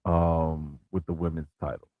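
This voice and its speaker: A man co-hosting a wrestling podcast in relaxed casual talk, full of "like" and "bruh" and frequent restarts. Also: rumbling low, measured pace, no echo, narrow, tinny audio. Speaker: podcast co-host.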